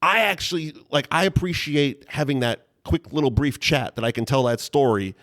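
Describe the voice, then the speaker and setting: A man's voice: medium pitch, normal speed, a bit bright. Man, casual storytelling, rambling, restarts, laughs. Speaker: guest storyteller. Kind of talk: casual chat.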